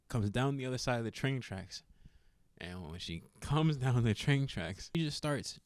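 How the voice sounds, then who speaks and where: A man's voice: mid-range voice, dry recording. A young man telling a funny personal story in a casual vlog, laughing often and acting out what people said. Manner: animated, laughs often, acts out quotes.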